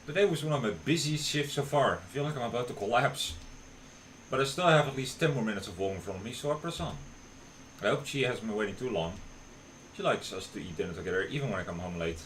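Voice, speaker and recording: A young man streamer reading a visual novel aloud on a live stream, relaxed and cracking jokes in between. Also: mid-range voice, fast, slight background noise.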